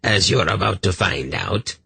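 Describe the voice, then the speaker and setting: A man's voice: low voice, a little slow, vocal fry, bright, forceful tone, slightly rough, no echo, full character voice. A man doing a rusty-voiced mad hermit. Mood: growling. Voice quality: rusty, growling. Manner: threatening and unhinged. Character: mad, menacing male forest hermit, gaunt and wild.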